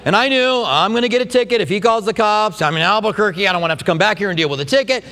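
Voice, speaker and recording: A middle-aged man preaching a sermon, telling stories with humor in an animated way. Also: sits high, racing. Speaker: pastor. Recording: long hall reverb.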